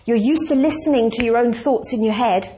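A woman's voice: fairly high pitch, a little fast, mellow, a little hiss or hum. A woman pastor preaching a conversational, emphatic sermon and asking the congregation questions.

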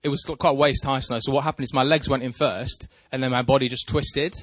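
A man's voice: medium pitch, fairly quick, no echo. A man telling a rambling, self-deprecating story in casual chat with a co-host. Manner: rambling, self-deprecating, animated when excited.

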